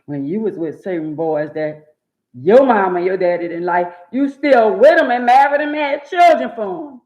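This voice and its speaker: A woman's voice: medium pitch, animated, moderate pace, darkish tone. Blunt, scolding woman ranting on a live stream. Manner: blunt, profane, scolding, lecturing her viewers; repeats words for emphasis. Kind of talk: preachy live-stream rant. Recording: echoey room, dull lo-fi sound.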